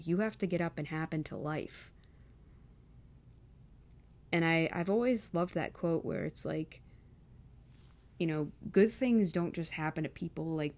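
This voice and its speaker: Young woman vlogging, low gravelly voice, teary and rambly. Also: darkish tone. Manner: emotional, confessional, many fillers. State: close to tears. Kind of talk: casual personal vlog.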